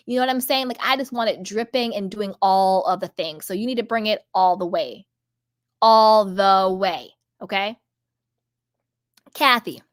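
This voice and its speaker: A woman's voice: on the high side, no echo, studio quality. A woman hosting a commentary channel, talking in a casual, emphatic way with repetitions and rambling asides.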